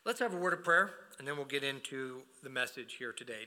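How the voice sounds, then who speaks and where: A man's voice: mid-range voice, expressive, a little fast, few pauses, bright, forceful tone. A man leading a prayer and then preaching a sermon, speaking earnestly with frequent fillers and restarts. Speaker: pastor.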